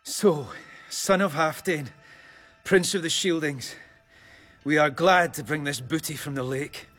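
A man reading the part of a bold young warrior hero, speaking in a measured, formal and proud way in a dramatic reading of epic verse. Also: on the high side, fairly bright tone, soft background music. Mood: solemn.

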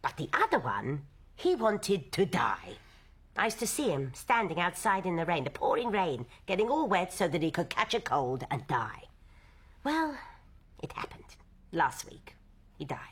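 An actress playing a tough, worn-down middle-aged housewife who talks bluntly and plainly about hard times. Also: female voice, fairly low pitch, big pitch swings, measured pace, breathy edge, heavily acted. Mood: weary. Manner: blunt, matter-of-fact, worn down. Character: tough weary working-class London housewife. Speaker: wife and host of old friends. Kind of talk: stage drama dialogue.

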